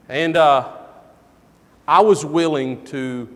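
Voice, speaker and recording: A middle-aged man preaching a sermon in a church, telling a personal story with animated energy and loud bursts in the quoted moments. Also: mid-range voice, normal speed, long reverb tail. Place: church sanctuary.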